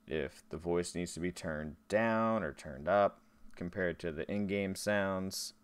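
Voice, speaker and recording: A man's voice: deep voice, slow, smooth. A man streaming a game, chatting casually with his viewers between tasks. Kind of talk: casual live-stream chat while gaming.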